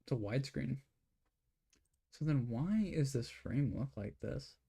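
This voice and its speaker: A man's voice: mid-range voice, animated, unhurried, vocal fry, mellow, slightly rough. A man talking to himself in a rambling way as he draws, giving casual commentary. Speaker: artist.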